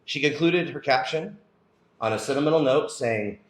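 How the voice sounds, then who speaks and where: A man's voice: medium pitch, moderate pace. Conversational male news host, echoey room. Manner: conversational, with fillers. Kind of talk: casual news rundown.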